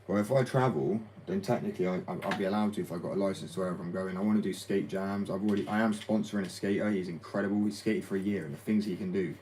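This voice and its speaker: Low and darkish, his voice stays fairly even in intonation as he races along with hardly any pauses. He's a young skateboard company owner and hobby tattoo artist rambling through a casual interview about skating and tattoos, full of "like" fillers and blunt swearing. The recording is rough, carrying a little hiss or hum.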